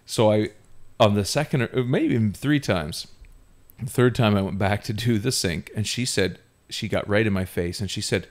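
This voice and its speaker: A man telling a funny story on a podcast in an animated, self-mocking way, often laughing. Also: fairly low pitch, normal speed. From Ontario, Canada. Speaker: podcast host. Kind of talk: casual storytelling.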